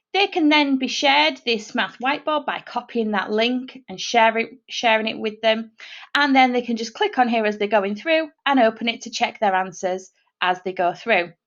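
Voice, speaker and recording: A woman's voice: on the high side, fairly bright tone. A woman who teaches math explains a whiteboard tool step by step in a screen-recorded tutorial. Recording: dull lo-fi sound.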